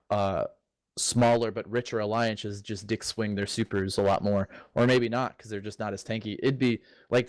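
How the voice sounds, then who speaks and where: A man with a somewhat low voice chats on a casual gaming podcast. He rambles, trips over his own sentences and laughs as he goes. The sound is dry and close, with no room around it. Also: no echo.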